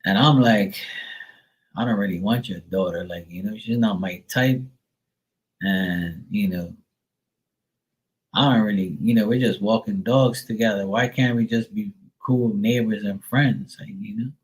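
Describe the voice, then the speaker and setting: A man's voice: fairly low pitch, measured pace, low-quality recording. Middle-aged male streamer, casual profane storyteller, heavy on fillers. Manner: mimics others in a raised voice. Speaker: live stream host.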